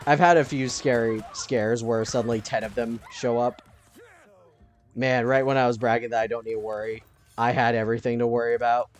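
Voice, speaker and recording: A man's voice: mid-range voice, little pitch movement, a little fast. Chatty man narrating his gameplay. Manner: chatty, thinking aloud, bursts into panicked yelling. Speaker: let's play host. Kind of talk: casual gameplay commentary.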